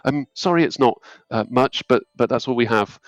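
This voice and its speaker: A man's voice: mid-range voice, moderate pace, dry recording, lightly acted, rough recording. A man voicing a nervous young male acolyte who stammers and apologizes in a tabletop game.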